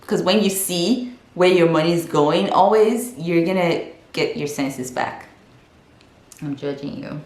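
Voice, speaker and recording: Brief: young woman from Africa, frank chatty vlogger, lowish voice, roomy echo. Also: measured pace, darkish tone. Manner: frank, chatty, lots of fillers and restarts. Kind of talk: casual advice vlog.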